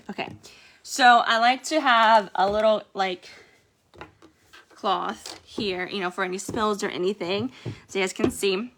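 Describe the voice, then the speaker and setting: Bright-voiced woman chatting through a tutorial. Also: medium pitch, slight background noise. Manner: chatty, rambling with many fillers. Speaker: nail care tutorial vlogger. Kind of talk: casual how-to demonstration.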